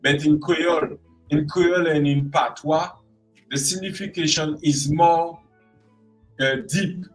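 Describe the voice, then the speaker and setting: A man from Guadeloupe, speaking with a Guadeloupean French accent, is a creative arts specialist guest in a casual interview chat, acting out expressions with playful voices. His voice is a little high and slow with fairly even intonation. Soft music plays behind, and the audio is poor.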